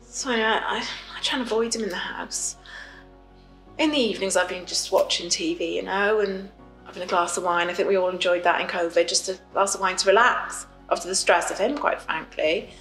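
A woman's voice: medium pitch, brisk, a bit bright, reverberant, faint music behind, natural voice, poor audio. An actress playing a fed-up woman, stuck in lockdown with her partner, confiding in a rambling, apologetic way. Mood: rueful. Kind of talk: confessional monologue.

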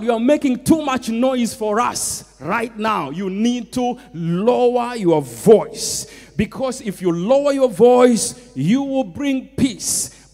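A man's voice: high-pitched, a little mellow, in a large hall. A man with a Kenyan accent preaching a sermon, emphatic and full of repeated refrains. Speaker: pastor. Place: church.

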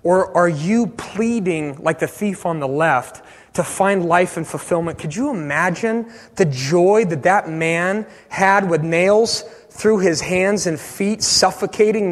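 A man preaching a sermon as pastor, passionate, swinging from loud bursts to hushed pleas. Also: high-pitched, a little slow, in a large hall. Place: church sanctuary.

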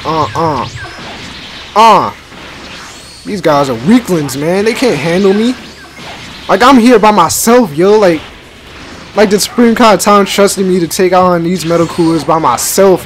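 A young man giving excited, slangy let's-play commentary and talking back to the game. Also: on the high side. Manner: hyped, slangy, talks back to the game, many restarts. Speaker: gaming YouTuber.

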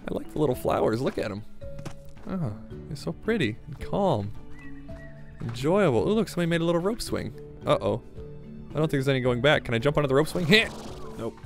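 A man chats through a game session in a casual, self-mocking way, getting excited about every little discovery. His voice sits at an ordinary middle pitch. Faint music plays under his talk. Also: brisk, vocal fry, long pauses. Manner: chatty, self-mocking, reacts excitedly to small finds. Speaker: gaming video host. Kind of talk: casual gameplay commentary.

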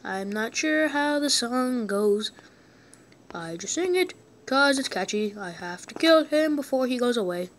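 Slow, goofy woman gaming host. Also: on the high side. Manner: goofy and excitable, yelps and shouts at the game. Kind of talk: let's-play commentary.

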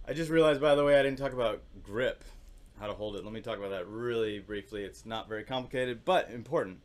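A man teaching percussion in a casual, relaxed way, thinking aloud and singing rhythms with syllables. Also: fairly low pitch, quick pace. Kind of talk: casual instructional demonstration.

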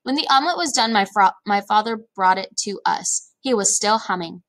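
A woman reading a children's chapter book aloud in a lively, expressive storytelling manner. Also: medium pitch, a little fast. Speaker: read-aloud narrator.

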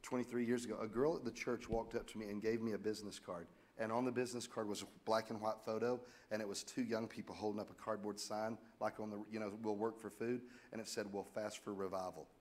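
Middle-aged male pastor, lively joking preacher, bursts of loud emphasis. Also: lowish voice, quick pace, hardly any pauses. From United States. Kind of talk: sermon.

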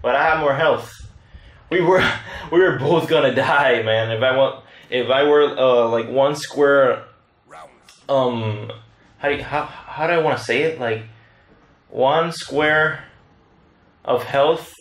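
A man casually commentating his own gameplay, excitable and rambling, trash-talking his opponents. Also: mid-range voice, slow, long pauses, echoey room. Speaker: gaming channel host.

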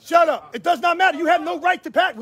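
This is a heated, live-filmed standoff: a man holding his phone camera outdoors confronts officers on his property, insisting and repeating himself. The pitch is extremely high, the pace quick, the tone a bit bright.

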